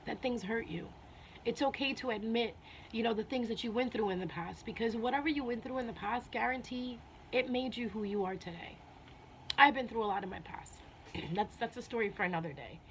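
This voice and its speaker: A woman's voice: a little high, moderate pace, a little hiss or hum. A woman talking earnestly and heartfelt to her viewers in a casual vlog, repeating herself often and sounding a little emotional. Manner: earnest, repeats herself, many "you know"s. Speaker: spiritual vlogger. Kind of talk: casual heartfelt talk to camera.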